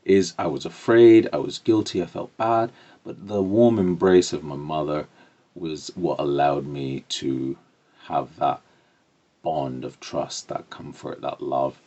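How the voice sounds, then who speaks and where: A middle-aged man, a coach, telling a personal story in a lively, expressive way with loud swells. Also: extremely low pitch, slow. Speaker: business coach. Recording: dull lo-fi recording.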